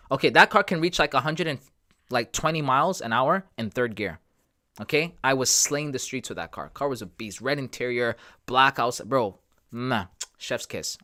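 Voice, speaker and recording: A man's voice: mid-range voice, pushed and bright. A man hosting a live trading stream, talking straight to his viewers in a casual, emphatic, repetitive way. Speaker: trading livestream host.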